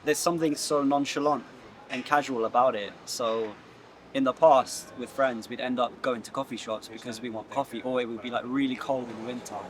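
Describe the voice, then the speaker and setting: This casual vlog chat features a young content creator whose mid-range voice stays steady and brisk as he rambles about his day in a coffee shop, full of "like" and "you know." The background is noisy, with music playing.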